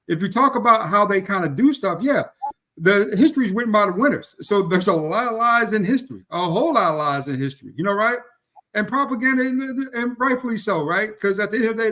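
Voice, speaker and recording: A man on a discussion panel laying out his view in an earnest, deliberate way. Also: high-pitched, fairly bright tone. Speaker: panel guest. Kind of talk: casual discussion.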